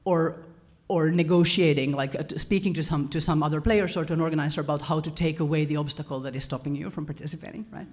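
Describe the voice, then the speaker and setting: A woman giving a lecture-style talk to an audience, animated and often correcting herself mid-sentence. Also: deep voice, quick pace, hardly any pauses. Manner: animated, self-correcting, chuckles between points. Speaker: conference speaker.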